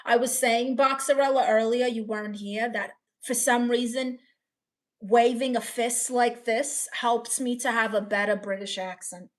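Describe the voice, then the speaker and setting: A woman's voice: fairly high pitch, fairly even intonation, unhurried. Playful woman reading her live chat. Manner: playful, reads viewer comments aloud and riffs on them. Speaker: live streamer. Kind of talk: casual live-stream chat.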